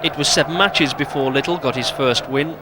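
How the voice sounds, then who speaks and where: A man narrating a documentary in a measured, scripted way. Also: mid-range voice, background noise.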